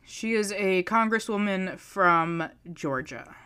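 Smooth-voiced young woman chatting. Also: mid-range voice, animated, takes it slowly, a bit bright. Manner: chatty, offhand, joking. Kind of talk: casual chat.

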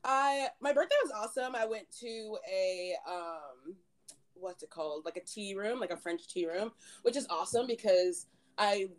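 A woman in her late twenties co-hosts a podcast, chatting casually and giggly with friends and peppering her talk with "like" and "um." Her voice is mid-range and her speed normal.

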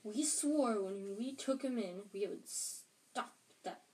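A blustering middle-aged uncle from a storybook, sneering slowly, as a woman reading aloud puts him on. His voice is mellow and dark, and the words are drawn out. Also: mid-range voice, distant mic, close to an everyday voice, low-quality recording. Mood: scornful.

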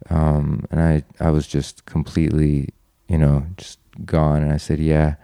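A man's voice: extremely low pitch, monotone, measured pace, dark tone, clean tone, dry recording, clean studio sound. A young man guest on a podcast, earnestly reflecting on his past in a personal story, with frequent ums and restarts.

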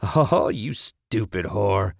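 A man's voice: mid-range voice, big pitch swings, creaky, dry recording, clean studio sound, pitched above the performer's own voice, exaggerated voice. A man voicing a vicious, cackling backwoods woman who hisses taunts and threats in an audiobook. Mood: spiteful. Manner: taunting, hissing, drawn-out menace.

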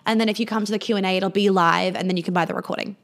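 Rapid-fire and mid-range, with vocal fry and fairly even intonation, this woman runs a live Q&A stream for viewers. She gives frank, casual advice packed with curse words and fillers, switching to a lighter voice to perform example replies.

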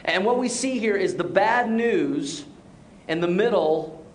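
A middle-aged man preaching a sermon, telling stories with restarts and dropping soft and low for serious points. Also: lively intonation, a little slow, a little hiss or hum. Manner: storytelling, repeats words as he restarts. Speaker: pastor.

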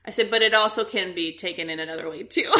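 A woman's voice: fairly low pitch, fast talker. A woman in her thirties, a podcast co-host, telling a story in casual chat with frequent laughs. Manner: animated storyteller, laughs often.

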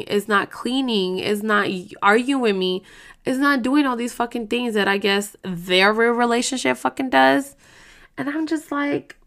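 A woman's voice: mid-range voice, fairly bright tone. A woman hosting a casual podcast monologue, talking bluntly and emotionally, swearing often and rambling through restarts. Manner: heated, blunt, swears a lot. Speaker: podcast host.

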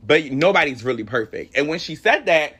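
Young adult man, solo podcast host; heartfelt, rambling faith talk with a bright, animated voice. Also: a little high, brisk, husky.

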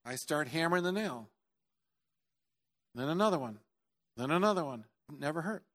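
A middle-aged male pastor preaching, telling a story with loud outbursts and quiet earnest stretches, and joking now and then. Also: fairly high pitch, lively intonation, normal speed. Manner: jokey asides. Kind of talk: sermon.

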